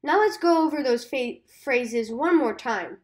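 A woman teaching simple phrases in an upbeat scripted lesson for kids, cheerful and deliberate, repeating words for listeners to say along. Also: sits high, animated.

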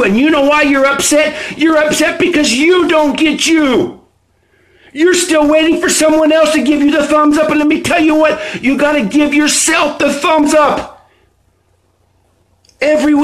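Animated high-voiced motivational man. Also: low-quality recording. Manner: animated, swings between low chatty asides and loud emphatic preaching. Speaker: host reading from his book. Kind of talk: motivational live stream talk. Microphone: phone or webcam on a live stream.

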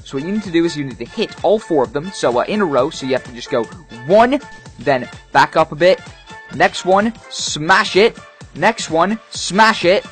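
A man's voice: a little high, expressive, normal speed, faint music behind. A young man in casual game chat, coaching and goading a friend over voice chat. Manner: coaching, goading, works up to frantic yelling. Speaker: gamer trolling a friend.

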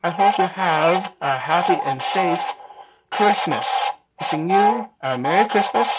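A man voicing a cheerful male Christmas elf through a robotic voice changer, with a high, bright greeting voice. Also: lively intonation, measured pace, heavy background noise. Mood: festive. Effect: voice changer robot filter.

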